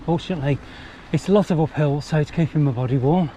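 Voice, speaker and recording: A man's voice: fairly high pitch, fast, dark tone, a little hiss or hum. A man chatting casually while mountain biking outdoors, breezy and lightly swearing. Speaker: mountain bike vlogger. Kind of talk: casual vlog commentary while riding. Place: outdoors on a bike trail.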